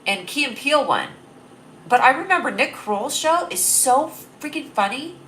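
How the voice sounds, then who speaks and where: A young woman hosts a casual comedy livestream, talking straight into a close webcam. Her voice is bright and forceful, and she rambles cheerfully, laughing at her own jokes. A faint hiss sits under the recording. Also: sits high, animated, moderate pace. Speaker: livestream host.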